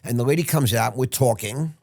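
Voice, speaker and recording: A man's voice: medium pitch, a little fast, vocal fry, darkish tone, dry recording, clean studio sound. A man in his sixties, a podcast guest, telling a rambling, frank story with restarts and the odd curse word. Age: 60s. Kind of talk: casual interview storytelling.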